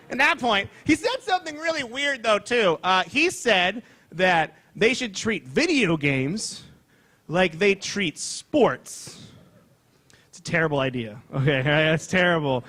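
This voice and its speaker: A man doing a loud, excitable, self-mocking stand-up comedy set on stage before a live audience. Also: sits high.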